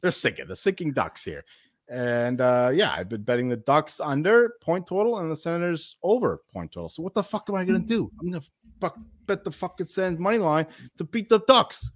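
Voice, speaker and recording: A man co-hosting a betting podcast in a slightly raised voice that swings widely in pitch. He rambles with stammered repeats and curses freely. The sound is close and dry. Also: sing-song, a little fast, no echo. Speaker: podcast co-host, bettor. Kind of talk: casual betting podcast chat.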